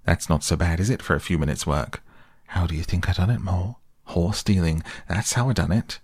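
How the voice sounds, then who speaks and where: A man voicing a boastful, excitable male toad in a storybook reading, bragging loudly. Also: low-pitched, breathy edge, no room sound, studio quality. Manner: bragging, loud and quick.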